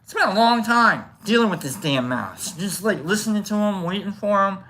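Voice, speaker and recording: A man hosting a livestream, telling a story casually to his chat in an animated, rambling way with restarts. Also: sits high, moderate pace. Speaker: livestream host.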